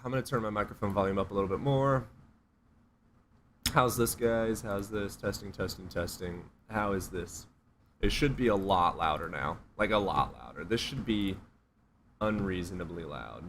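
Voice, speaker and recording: A man's voice: sits low, normal speed, fairly bright tone, slight background noise. A man doing casual, blunt livestream commentary on a desk USB microphone, sarcastic and profane. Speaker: streamer.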